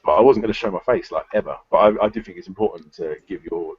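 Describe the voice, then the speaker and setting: A man's voice: sits low, quick pace, breathy edge, no echo. A man hosting a casual live-stream chat, talking loosely and swearing now and then. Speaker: show host. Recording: dull lo-fi sound.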